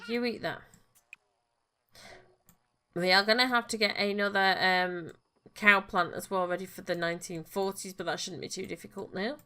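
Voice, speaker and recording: A woman's voice: mid-range voice, fairly even intonation, normal speed. A woman, casually commenting on a life-sim game and cooing at the characters as she plays. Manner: coos and fusses gently at the game characters. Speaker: gaming channel host. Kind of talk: casual let's-play commentary.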